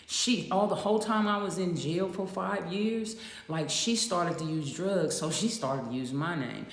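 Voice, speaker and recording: Casting: woman, lower voice, animated and profane storyteller, echoey roomy sound. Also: unhurried. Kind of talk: casual storytelling to camera.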